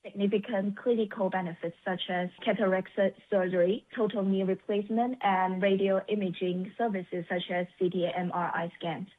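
A woman research manager giving a careful, deliberate explanation in a recorded interview clip. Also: mid-range voice. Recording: phone-like thin audio.

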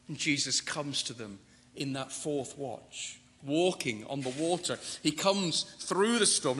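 A man preaching a sermon, building through repeated phrases and slowing down for emphasis. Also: a little high, pushed and bright. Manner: rhetorical, building repetition with slowed emphasis. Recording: long reverb of a large hall.

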